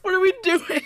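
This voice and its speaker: A young woman co-hosting a podcast, telling a made-up plot in a rambling, giggly way with lots of fillers. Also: extremely high pitch. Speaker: podcast co-host. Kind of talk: casual chat.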